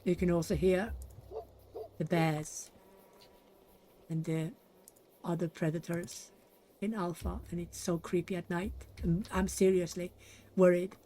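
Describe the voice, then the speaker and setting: A woman's voice: fairly low pitch, flat delivery, unhurried, pauses often, dark tone, slight background noise. A young woman hosting a game play-through, chatting casually and muttering to herself as she builds. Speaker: gaming channel host. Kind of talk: casual let's-play commentary.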